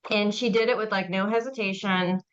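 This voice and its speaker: A woman's voice: medium pitch, steady tone, fairly quick, lo-fi sound. A woman hosting an interview, talking casually and rambling with plenty of fillers. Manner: chatty, rambling, with many fillers. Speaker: podcast host and mortuary educator.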